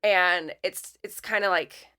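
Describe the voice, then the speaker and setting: A woman's voice: lowish voice, slow, smooth. A woman guest on a podcast, chatting casually and telling self-deprecating stories about her design business, acting out what people said. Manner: animated, self-deprecating, acts out quotes with laughs. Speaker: podcast guest, letterpress studio owner. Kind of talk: casual storytelling chat.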